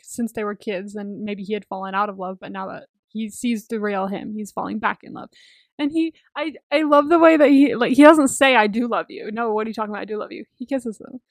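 A woman's voice: medium pitch, no room sound, studio quality. A young woman co-hosting a podcast in casual chat, talkative, laughing often and swearing freely. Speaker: podcast co-host.

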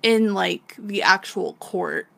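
A woman's voice: medium pitch, slow pace, gravelly, fairly bright tone. A woman co-hosting a podcast, casually recapping a manga, laughing often and swearing freely as she acts out the characters. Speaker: podcast co-host.

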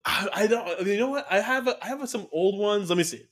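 A man co-hosting a podcast, telling stories in an animated, slangy way and laughing often in casual chat. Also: high voice, a little fast. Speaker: podcast co-host.

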